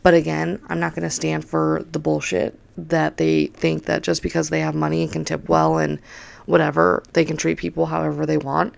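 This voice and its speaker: A young woman recounts a story in a casual, animated way, acting out what others said and swearing often. Her voice sits low, with a heavy gravelly fry running through it. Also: moderate pace. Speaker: podcast host.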